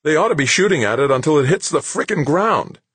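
Loud, pushy woman in a moon-base crisis, her voice pitched high and strained above the usual. A man puts her on, as a narrator of a story. The recording is dry and close, with a husky edge. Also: sing-song, moderate pace, dry recording, exaggerated voice. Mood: demanding. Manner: shouting, demanding. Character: brash, irritable woman in a lunar control center.

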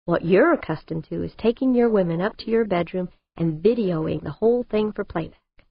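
A woman's voice: on the low side, moderate pace, vocal fry, husky, no echo. A woman reading an audiobook, voicing a tough, scheming woman who mutters blunt, wry asides to herself, on a dull, dry recording.

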